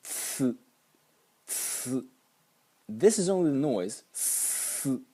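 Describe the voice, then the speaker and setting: Husky-voiced man explaining pronunciation. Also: lowish voice, animated, moderate pace, mellow. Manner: patient, demonstrates sounds repeatedly. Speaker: language teacher.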